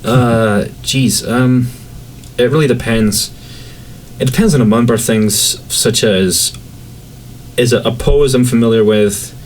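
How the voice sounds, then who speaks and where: A man from Scotland with a light Scottish accent, chatting casually as a podcast guest in a relaxed, rambling way. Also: unhurried, long pauses, slight background noise, poor audio. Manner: relaxed, rambling, acts out quotes in a higher voice.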